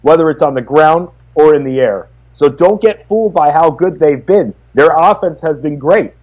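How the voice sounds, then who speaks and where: A man's voice: a little high, animated, moderate pace, darkish tone. Man co-hosting over slightly dull audio. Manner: short, confident agreeing replies. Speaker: fantasy sports radio co-host. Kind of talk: live fantasy sports talk show.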